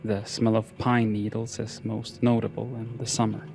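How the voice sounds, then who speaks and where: A man narrating horror fiction in a slow, measured, solemn delivery. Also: lowish voice, completely flat delivery, gravelly, a little mellow, faint music behind.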